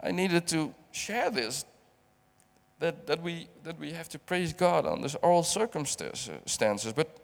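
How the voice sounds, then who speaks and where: A man's voice: a little high, sing-song, creaky. A middle-aged man from the Netherlands preaching a heartfelt sermon, often repeating and restarting his words. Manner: halting, repeats words, emotional testimony. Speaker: guest preacher. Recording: long hall reverb.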